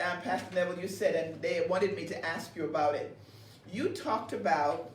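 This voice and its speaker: Woman pastor in a roomy, distant recording. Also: lowish voice. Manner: lively storytelling, laughs often, repeats words. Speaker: pastor and co-host. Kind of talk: conversational ministry broadcast. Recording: roomy, distant mic with faint background noise.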